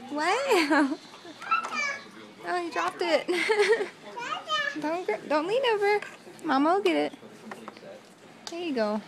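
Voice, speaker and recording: A young mother cooing in a giggly, sing-song baby-talk voice while filming her baby at home. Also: very high-pitched. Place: home, indoors. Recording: noisy home camcorder audio.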